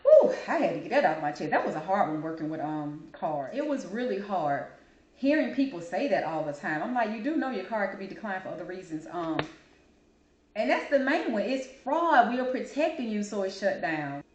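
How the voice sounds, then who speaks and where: A woman's voice: medium pitch, moderate pace. Sassy woman ranting in an echoey room. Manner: sassy, animated, calls listener "baby". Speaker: host. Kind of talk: casual opinion monologue.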